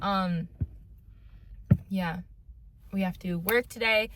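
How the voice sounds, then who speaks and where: A woman's voice: medium pitch, slow. A woman in her twenties chatting casually on a book vlog, gushing and repeating herself. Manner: gushing, repeats herself, says "dude" and "y'all". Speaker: book vlogger. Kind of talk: casual reading vlog chat. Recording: loud background noise, distant from mic.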